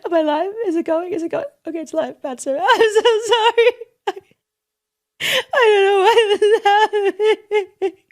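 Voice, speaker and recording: Woman doing a shrill weepy celebrity. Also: normal speed, pauses often. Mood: mock sobbing. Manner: high sobbing, giggly, breathless apologies. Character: weepy self-filming female celebrity, melodramatic. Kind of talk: mocking impression.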